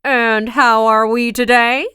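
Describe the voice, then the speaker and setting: A woman's voice: a little high, fairly even intonation, slow, sharp tone, clear, resonant tone, dry recording, studio quality. A woman voicing a cheery, self-satisfied male storybook character in a hearty, bouncy way. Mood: cheerful.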